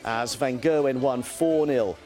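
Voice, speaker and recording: A man's voice: mid-range voice, a little mellow, faint music behind. Man reading sports news. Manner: brisk read with light banter. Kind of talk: breakfast TV sports bulletin.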